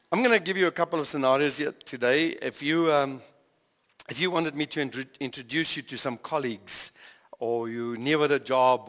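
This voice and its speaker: A man's voice: medium pitch, fairly bright tone. Older man, pastor, conversational sermon, questions to the congregation, long hall reverb.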